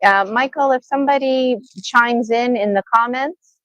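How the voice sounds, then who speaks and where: A woman's voice: on the high side, moderate pace, a bit bright, clean tone, no room sound. A woman co-hosting a live gemstone reading stream, chatting casually and thinking aloud with fillers. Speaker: co-host and gemstone reader. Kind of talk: casual livestream talk. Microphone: video call.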